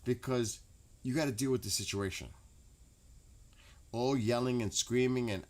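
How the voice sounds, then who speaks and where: A man's voice: medium pitch, unhurried, long pauses, a little hiss or hum. A man, chatting casually and profanely to his late-night stream audience. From New York. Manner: rambling, profane, laughs loudly.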